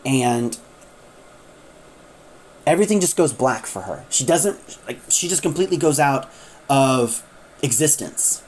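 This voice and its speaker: A woman's voice: very deep voice, expressive, unhurried, long pauses, a little mellow, a little hiss or hum. A woman casually retelling a story in a chatty way, acting out the characters as she goes.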